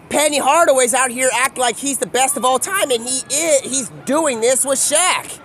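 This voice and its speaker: A man's voice: very high voice, normal speed, few pauses, fairly bright tone, a little hiss or hum. A young man livestreaming, rambling from one loose thought to the next and acting out the voices of the people in his stories. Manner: rambling, free-associating, acts out quoted voices. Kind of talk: rambling live monologue.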